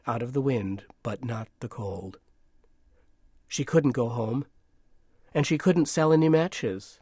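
Male storybook narrator, measured and hushed, unhurried, dry booth sound. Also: mid-range voice, no room sound.

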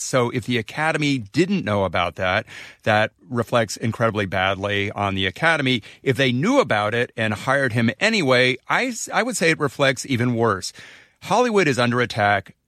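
A man's voice: mid-range voice, sharp tone, no echo. Firm male commentator with a dry sound. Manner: firm, critical and argumentative. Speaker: podcast host and entertainment commentator. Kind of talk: interview guest commentary.

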